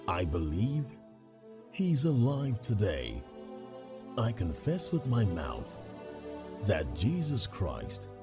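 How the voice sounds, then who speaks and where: Deep slow solemn man leading prayer. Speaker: closing announcer leading a prayer. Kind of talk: slow scripted prayer reading.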